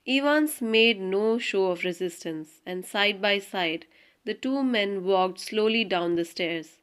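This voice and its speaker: Woman, audiobook narrator, steady even reading, mid-pitched voice. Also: unhurried, smooth. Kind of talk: scripted narration.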